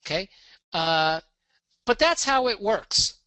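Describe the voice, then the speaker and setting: A man presenting a live online business pitch, walking through a website demo with an upbeat sales manner and frequent "okay?" check-ins. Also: sing-song, slow, pushed and bright, dry recording. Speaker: webinar presenter.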